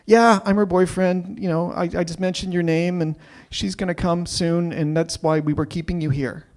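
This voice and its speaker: A man's voice: steady tone, normal speed. A man voicing a nervous young man who stammers out excuses after being caught. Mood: flustered. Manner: flustered, stammering, higher than usual.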